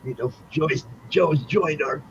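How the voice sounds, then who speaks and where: A man's voice: a little high, takes it slowly, slight background noise. A man hosting a podcast interview, upbeat and playful, laughing easily. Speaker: podcast host. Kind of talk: casual interview chat. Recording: dull lo-fi audio.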